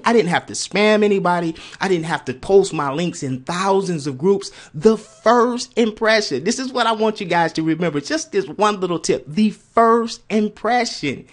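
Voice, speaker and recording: A man with a high-pitched voice giving an excited sales pitch for his online marketing course, addressing listeners as ladies and gentlemen. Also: normal speed, few pauses. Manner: excited, emphatic, keeps saying "ladies and gentlemen".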